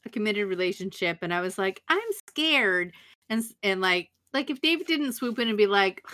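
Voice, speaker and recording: A woman's voice: medium pitch, fairly quick, a bit bright. A young woman co-hosting a casual chat, bantering with dry, playful jokes.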